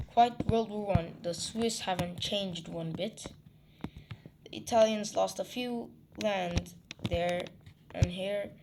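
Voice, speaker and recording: A channel host casually walking through a map, halting and correcting themselves while listing places one by one. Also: medium pitch, noisy background. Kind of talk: casual map walkthrough narration.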